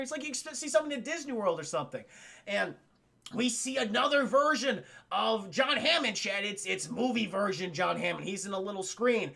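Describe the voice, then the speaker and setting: A man streaming a casual film recap to his live chat, excitable and swearing freely as he talks straight to the viewers. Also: high voice, normal speed, gravelly.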